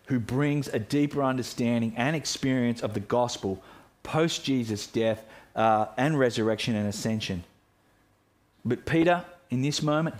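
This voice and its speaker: Male pastor mid-sermon. Earnest and reflective, mid-pitched, restarts phrases. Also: a little mellow.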